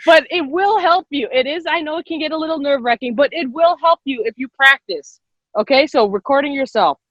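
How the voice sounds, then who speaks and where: A high-voiced young woman teaches a live online class for girls, upbeat and encouraging and quick to laugh. Her voice is dry and close, with the dull, muffled edge of a video call. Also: fairly bright tone, no room sound. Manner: upbeat and encouraging, repeats herself, laughs often. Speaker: workshop leader. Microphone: computer mic on a video call.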